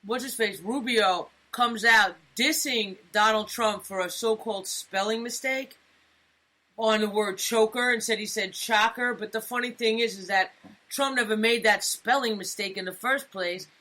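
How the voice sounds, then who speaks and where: A woman's voice: on the high side, normal speed, bright, forceful tone. A woman co-hosting a talk show, joking in casual streetwise slang. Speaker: co-host. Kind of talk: casual political banter.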